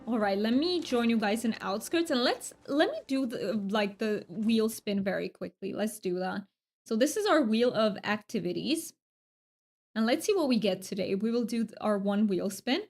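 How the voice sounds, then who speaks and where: Woman gaming streamer, bit high voice, rambly casual chat, quiet music under it. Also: animated, moderate pace. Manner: chatty, rambling with fillers and self-corrections.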